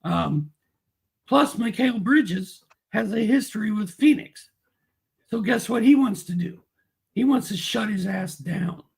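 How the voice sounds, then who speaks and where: A man co-hosting a casual sports chat as an analyst, relaxed and agreeable. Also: high voice, a little slow, gravelly, husky. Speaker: co-host analyst.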